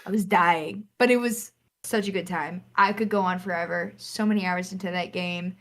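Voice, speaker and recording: A young woman co-hosting a gaming podcast, telling a lively story and acting out the lines. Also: on the low side, normal speed. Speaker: podcast co-host. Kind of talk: casual chat.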